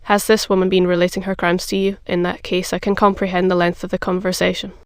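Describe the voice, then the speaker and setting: A flat, synthetic-sounding reader voicing Lord de Winter, a stern, contemptuous nobleman, in an audiobook. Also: medium pitch, fast, clear, resonant tone, no echo, studio quality, natural voice. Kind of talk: audiobook reading.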